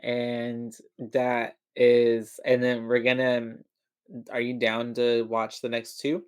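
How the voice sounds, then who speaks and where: A podcast co-host in easygoing outro banter, full of teasing asides and playful riffs. The voice sits in a plain middle pitch. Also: completely flat delivery, takes it slowly, smooth. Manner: jokey, teasing. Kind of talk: casual podcast outro chat.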